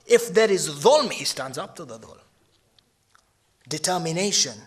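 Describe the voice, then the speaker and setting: A man's voice: fairly high pitch, animated, a little slow. A man giving a mournful sermon, mixing Arabic religious terms into his English and swelling into lamenting cries. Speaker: shaikh giving a Muharram lecture.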